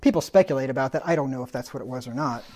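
A man's voice: mid-range voice, racing, darkish tone. Guy preaching a sermon, chatty folksy bible teacher, explains words, jokes around a bit. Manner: conversational teaching, defines words, folksy humorous asides.

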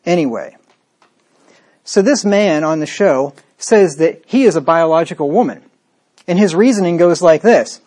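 A male preacher delivering a sermon with a fairly high-pitched voice. He talks in a scornful, combative way and keeps turning to the listener with rhetorical asides. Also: expressive, normal speed, a little mellow.

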